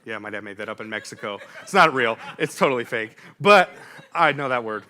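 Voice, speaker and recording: A young man delivers a sermon in a church, spinning a self-deprecating story and laughing along with it. His voice is bright and ringing, swinging widely in pitch as he builds each moment. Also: fairly quick. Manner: animated storytelling, laughs at himself. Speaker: preacher.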